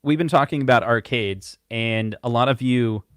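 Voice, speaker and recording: A man's voice: mid-range voice, normal speed, clear, resonant tone, dry recording, clean studio sound. A man co-hosting a casual livestream, reading out viewer messages in an easygoing way. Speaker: co-host.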